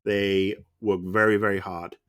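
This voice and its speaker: A man's voice: deep voice, level tone, a little slow, a bit bright. A man from Wales streaming, talking sport in a casual, blunt and profane way full of teasing banter.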